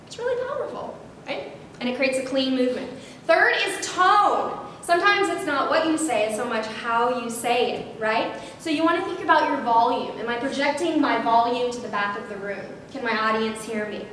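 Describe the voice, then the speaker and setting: A woman presenting a public speaking workshop, lively and animated, often checking in with "right?". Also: normal speed. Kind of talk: instructional workshop talk. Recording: very echoey room, distant mic, faint rumble.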